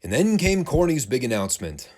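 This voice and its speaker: A man giving a casual recap of old wrestling shows, animated, laughing and swearing freely. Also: mid-range voice, fairly quick. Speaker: wrestling show reviewer.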